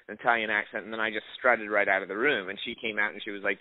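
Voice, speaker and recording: A young adult actor chats casually in an interview, rambling with plenty of restarts and fillers. His voice is fairly low and steady in tone, a little fast. The sound is dry and tinny, like a phone line.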